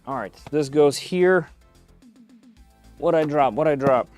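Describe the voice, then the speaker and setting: A man's voice: on the high side, takes it slowly, darkish tone, dry recording, faint music behind. A man giving live-stream commentary while unboxing a machine in his home workshop, thinking aloud with frequent "uh"s and small restarts.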